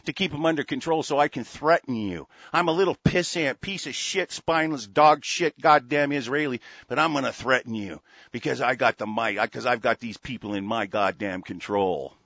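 A man's voice: medium pitch, moderate pace, a bit bright, dry recording. A man putting on a boastful, sneering, petty official who taunts and swears. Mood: taunting. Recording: dull lo-fi dry recording.

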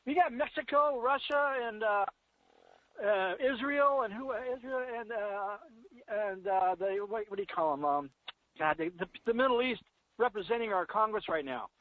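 A man's voice: high-pitched, normal speed. Man caller on a tinny phone line. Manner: hesitant, searching for words. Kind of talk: phone-in talk.

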